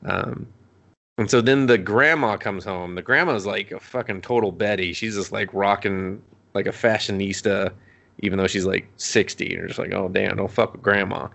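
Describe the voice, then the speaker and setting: Podcast co-host, man with a lowish voice, rambly and profane, casual recap. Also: moderate pace, vocal fry. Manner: swears a lot, rambling and animated.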